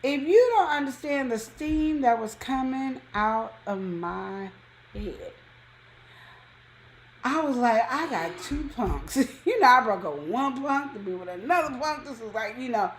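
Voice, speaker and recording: A woman casually telling a personal story on a talk show, acting out quotes with sudden high jumps in pitch. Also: a little slow, slight background noise. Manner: animated, acts out quotes with big pitch jumps. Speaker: co-host.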